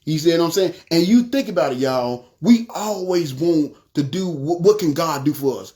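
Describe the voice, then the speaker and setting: A man's voice: fairly high pitch, expressive, moderate pace, warm tone. A man giving a personal testimony to the camera, talking conversationally and calling his listeners y'all. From North Memphis, USA. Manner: frequent "you know what I'm saying" fillers.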